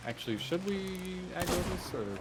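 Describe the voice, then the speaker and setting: A man in casual gaming chat with a dry, deadpan way of joking. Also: high-pitched, moderate pace, very noisy. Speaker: guest gamer.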